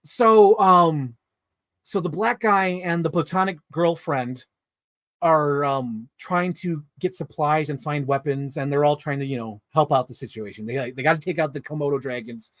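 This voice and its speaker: Excitable rambling man reviewing movies. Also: fairly high pitch, moderate pace, dry recording, clean studio sound. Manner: excitable rambling storytelling with swearing and fillers. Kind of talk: casual movie review vlog.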